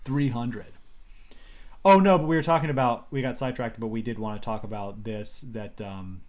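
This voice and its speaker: Young male podcast co-host, mid-pitched, rambling comic storyteller who swears freely. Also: normal speed, a little mellow. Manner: rambling storyteller, swearing, frequent restarts and acted quotes. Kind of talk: casual comedic chat.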